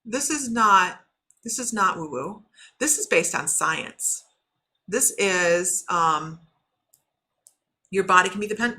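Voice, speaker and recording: A middle-aged woman talks loosely and warmly to her livestream viewers as a shaman and intuitive reader. Her voice is bright and forward at an average pitch. She laughs often and calls out viewers by name as she goes. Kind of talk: casual livestream chat.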